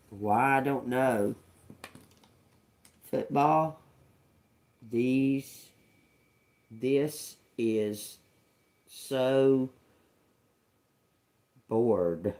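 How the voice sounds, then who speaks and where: A man doing a tarot reading, slowly sounding out words and phrases and repeating them as he tries to make sense of the messages. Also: medium pitch, darkish tone. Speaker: tarot reader. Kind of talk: slow channeled reading.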